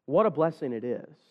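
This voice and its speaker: A man's voice: medium pitch, narrow, tinny audio. A man preaching an earnest evening sermon to his church, with raised, pleading stretches. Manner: earnest, building to raised pleas.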